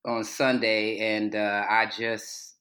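A woman co-hosting a chatty podcast, with a morning voice because she just woke up. She talks in a relaxed, easygoing way. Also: rumbling low, slow. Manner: relaxed, chatty, says "you know what I'm saying". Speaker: podcast co-host. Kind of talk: casual chat.

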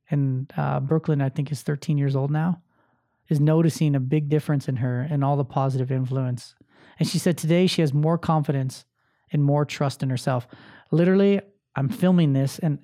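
A man's voice: a little high, mellow. A man hosting his own podcast and coaching show. He talks in a casual, emphatic way, swears freely and repeats phrases to drive them home. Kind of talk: casual motivational monologue. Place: filming himself on camera.

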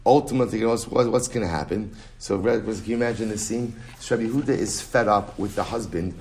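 A man teaching a Talmud class in a lively, conversational way, reading Aramaic and explaining it in English with many "right?"s. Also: on the low side, quick pace. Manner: frequent "right?" and restarts, storytelling tone. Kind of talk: Talmud lecture.

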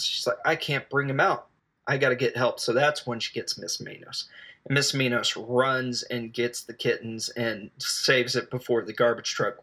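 This film reviewer's voice is mid-range and bright, forceful with a breathy edge. He runs through a movie's plot in a casual, rambling and hesitant way, joking along the way.

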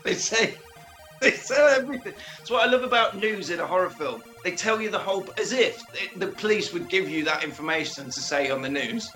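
A man co-hosting a podcast, recapping a film in casual chat with animated, joking retelling and acted-out quotes. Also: sits high, a little fast, soft background music. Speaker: podcast co-host.

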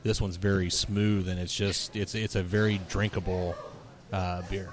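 Deep voiced chill guy chatting over beers on a podcast, laughs a lot. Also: little pitch movement, moderate pace. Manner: laid-back, laughs often, reads a beer label aloud. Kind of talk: casual chat over beer.

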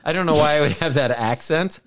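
A man's voice: on the high side, a little fast, a bit bright. A man co-hosting a podcast in casual chat, telling stories in a rambling way with many asides and restarts. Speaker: podcast co-host.

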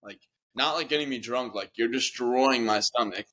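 A man's voice: mid-range voice, normal speed, bright, forceful tone, a little hiss or hum. A young man co-hosting a podcast, telling a rambling story in casual chat and swearing freely. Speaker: podcast co-host.

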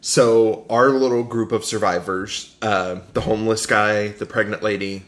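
A man's voice: lowish voice, steady tone, a little slow, a bit bright. A man co-hosting a podcast, retelling a movie in casual chat with blunt, sarcastic asides. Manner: blunt, sarcastic name-calling. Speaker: podcast co-host.

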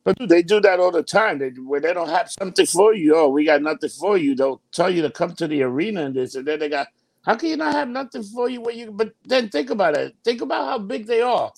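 A man's voice: high-pitched, sing-song, quick pace, gravelly. A man in casual chat as a podcast co-host, profane and gossipy, laughing often.

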